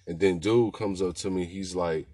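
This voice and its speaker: A man with a low, deep voice spins a casual story in relaxed street slang. He keeps turning to the listener for agreement, and his voice sounds dry and close, with no room echo. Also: normal speed. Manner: laid-back slangy talk, keeps asking "you know what I'm saying". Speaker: podcast host telling rideshare stories.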